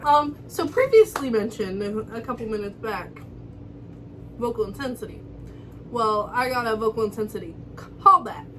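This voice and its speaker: A young woman vlogger chatting in an upbeat, excited way about her week. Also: medium pitch, background noise. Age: young adult. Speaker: vlog co-host. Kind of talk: casual chat. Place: dorm room.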